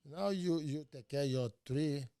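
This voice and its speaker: An older man from Brazil, a native Portuguese speaker with a Brazilian Portuguese accent, speaking halting, broken English in short phrases as a guest in a casual conversation. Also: fairly high pitch, warm tone, clear, resonant tone, no echo, clean studio sound. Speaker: martial arts master, interview guest.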